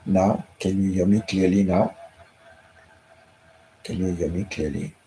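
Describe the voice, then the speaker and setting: A man hosting a live stream from home, talking softly and emotionally, often repeating his words. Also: low voice, steady tone, unhurried, slight background noise, low-quality recording. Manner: soft-spoken, repeats himself, emotional. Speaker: channel host.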